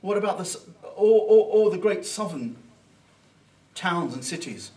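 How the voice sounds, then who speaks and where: A man gives an informal Sunday talk at an Islamic centre, thinking out loud in a conversational way and mixing in Arabic phrases. His voice sits a little high and is picked up from some distance away from the mic. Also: expressive, a little slow. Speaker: Islamic teacher.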